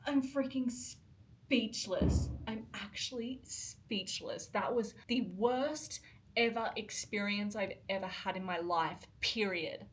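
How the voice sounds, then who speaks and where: A woman's voice: mid-range voice, slow pace, a little hiss or hum. Young female travel vlogger, worked-up exasperated delivery, speaking on camera in a hotel room. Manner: emotional, exasperated rant. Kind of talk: casual vlog talk to camera.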